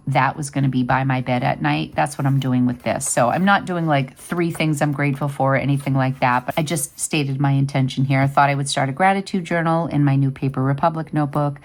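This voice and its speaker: A woman in her fifties hosting a vlog, chatting casually and rambling with lots of fillers. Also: rumbling low. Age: 50s. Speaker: vlog host. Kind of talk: casual chat.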